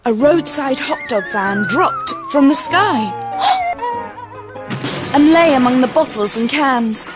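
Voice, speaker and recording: A gentle woman reads a children's story aloud, expressive and unhurried, her voice sitting a little high. Soft music plays faintly underneath. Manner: gentle, expressive, varied pacing.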